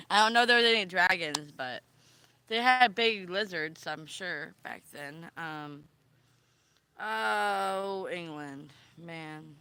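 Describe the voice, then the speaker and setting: A woman chatting casually on a vlog, meandering and pausing often with ums and trailing sentences. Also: fairly low pitch, pushed and bright, smooth. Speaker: vlogger. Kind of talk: rambling casual chat.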